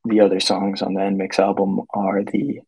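A man's voice: low voice, level tone, normal speed, gravelly, lo-fi sound. A man calling in to a podcast, talking in a hesitant way with many fillers. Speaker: guest caller. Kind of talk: casual podcast chat.

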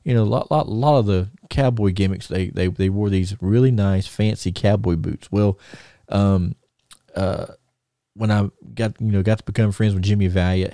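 A man's voice: lowish voice, moderate pace, dark tone, no room sound, studio quality. A middle-aged man, co-hosting a podcast and telling rambling stories full of fillers and restarts. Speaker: podcast co-host. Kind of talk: casual storytelling.

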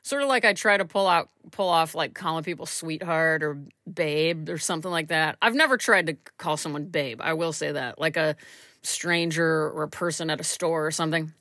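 A woman's voice: lowish voice, a bit bright, no room sound, clean studio sound. A woman hosting a casual solo podcast from a small room at home, rambling and self-deprecating, a little stuffy from allergies. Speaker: podcast host.

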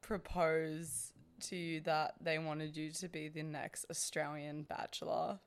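A woman's voice: sits low, little pitch movement, a little slow, smooth. Chatty young woman podcast host. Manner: chatty, many "like" fillers. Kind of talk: casual chat.

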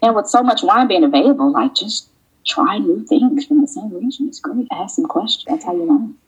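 A woman being interviewed about wine, telling relaxed stories and acting out little exchanges. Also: medium pitch, brisk, slightly rough, highs cut off. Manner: relaxed storyteller, acts out quoted exchanges. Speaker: guest, wine educator. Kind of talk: casual interview conversation. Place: lives in France.

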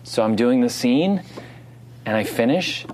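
A mid-pitched man from New Jersey tells a story in relaxed chat. He laughs often and acts out other people's lines in an animated way. A faint hum runs underneath. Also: measured pace. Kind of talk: casual storytelling.

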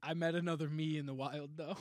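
A man's voice: a little high, fairly even intonation, fairly quick, dry recording, studio quality. Laughing, rambling young man telling a story. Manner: rambling, laughs through his stories, swears freely. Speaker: podcast co-host. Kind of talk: casual storytelling chat.

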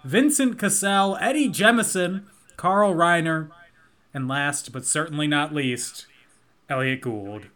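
A man with a bright, forceful voice set a little high for a man, co-hosting a chatty podcast. He reads through cast lists and box office numbers in a playful, joking way. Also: measured pace. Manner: reads out film facts in a listing, playful tone. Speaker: podcast co-host. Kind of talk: casual chat.

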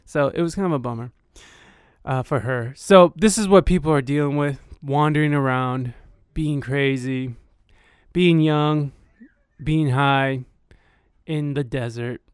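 A man's voice: mid-range voice, unhurried, pauses often, clear, resonant tone, no room sound, clean studio sound. A man telling a casual anecdote in a rambling, profane way, full of fillers.

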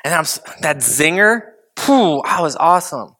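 A man preaching a conversational sermon as pastor, asking rhetorical questions and swinging between loud emphasis and hushed, low asides. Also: very animated, moderate pace.

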